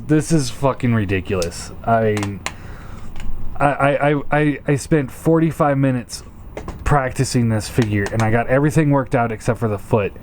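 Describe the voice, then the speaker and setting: A man's voice: mid-range voice, darkish tone, a little hiss or hum. A man giving a casual hands-on toy review, frustrated and swearing, often stammering and repeating himself.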